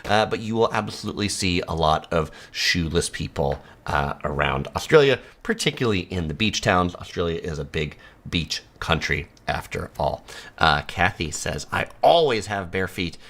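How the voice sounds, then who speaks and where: A man's voice: low voice, animated, normal speed, creaky, fairly bright tone. A man from San Diego hosting a live stream, chatting easily and laughing often as he reads viewer comments. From United States (San Diego).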